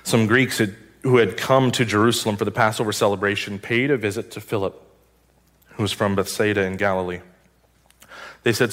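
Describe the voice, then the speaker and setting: A male pastor delivers a sermon with a somewhat low voice. He reads scripture aloud, then breaks off into wry, conversational questions to the congregation. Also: steady tone, a little fast, a bit bright.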